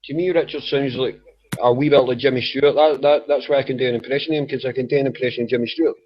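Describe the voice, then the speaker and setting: A Scottish man chatting loosely in an online group call, swearing freely and joking. His voice comes through an old, dull-sounding microphone, at a middling pitch. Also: steady tone, racing. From Scotland. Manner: swearing, joking, laughs at own stories. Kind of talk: casual group voice chat. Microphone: old computer mic.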